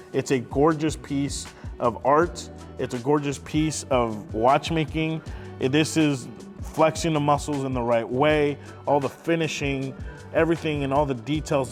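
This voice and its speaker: A man, a watch dealer, showing off a luxury watch in an emphatic, enthusiastic showcase, repeating phrases for effect. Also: medium pitch. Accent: Texas.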